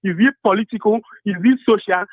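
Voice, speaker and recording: A man's voice: high voice, brisk, no room sound. A male caller praising the host in an earnest way. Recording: tinny dry phone line.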